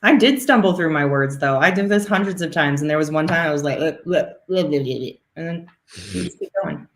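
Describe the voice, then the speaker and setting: A woman's voice: on the low side, a little fast, creaky. A woman making live acquisitions calls on a teaching stream, upbeat, laughing easily and poking fun at herself. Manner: laughing, self-deprecating, upbeat. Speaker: acquisitions caller. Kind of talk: live call demonstration.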